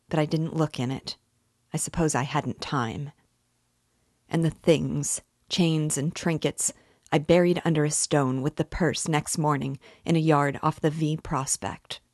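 A woman reading aloud the lines of an anguished young man confessing a crime, slow and earnest, rising to despairing cries. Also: sits low, dry recording, clean studio sound. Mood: brooding. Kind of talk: audiobook reading.

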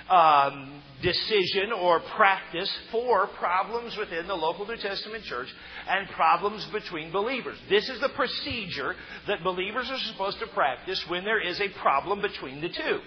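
A man preaching a sermon, emphatic and stressing key words loudly. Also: high-pitched, expressive, normal speed. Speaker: pastor. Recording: muffled sound in a reverberant hall.

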